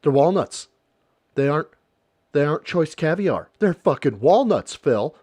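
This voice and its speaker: A man's voice: fairly high pitch, sing-song, measured pace, darkish tone, breathy edge, no room sound, studio quality. A man reacting to a video on his stream, making sarcastic and profane rambling asides. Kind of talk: casual reaction commentary.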